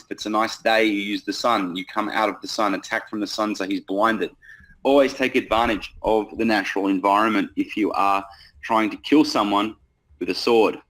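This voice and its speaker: Guy, lowish voice, swears a lot, blunt sales coaching vibe. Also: low-quality recording. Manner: blunt, profane, animated. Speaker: sales trainer. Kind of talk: casual coaching talk.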